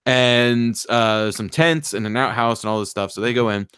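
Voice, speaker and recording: A man hosting a casual podcast, rambling through a movie plot and briefly mimicking the characters in quick voices. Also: mid-range voice, steady tone, fairly bright tone, clear, resonant tone, dry recording, clean studio sound. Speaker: podcast host.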